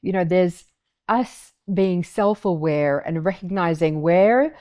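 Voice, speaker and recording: Woman interviewer with halting questions. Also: on the low side, darkish tone. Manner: hesitant, restarts while forming questions.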